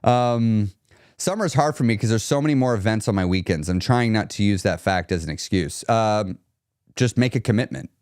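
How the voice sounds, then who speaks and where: A man coaching on weight loss during a live chat stream, blunt and emphatic, repeating his key points, and going quieter when he talks about himself. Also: fairly low pitch, normal speed, smooth, no echo, studio quality.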